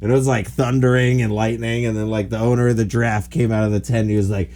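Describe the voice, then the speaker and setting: A man's voice: on the low side, fast. A man in his forties, hosting a podcast and telling a long rambling story with lots of "like". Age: 40s. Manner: animated, rambling anecdotes full of "like". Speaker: podcast host. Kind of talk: casual storytelling chat.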